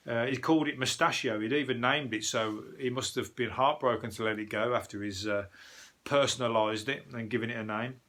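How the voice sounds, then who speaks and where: A man's voice: mid-range voice, bright, forceful tone. A man hosting a comic news podcast, rambling through tangents, swearing freely and laughing at his own jokes. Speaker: podcast host.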